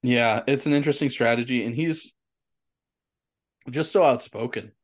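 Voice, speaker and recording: A man co-hosting a podcast in casual chat, relaxed and opinionated, often agreeing with his partner. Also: mid-range voice, moderate pace. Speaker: podcast co-host.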